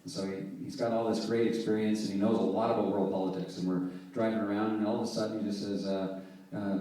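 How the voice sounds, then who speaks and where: A man from Halifax, Canada, a singer-songwriter telling a story between songs in a relaxed, conversational way. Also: lowish voice, fast. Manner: relaxed, conversational, softly spoken. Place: theater stage. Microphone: distant camera mic in the audience. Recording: echoey theater, distant camera mic.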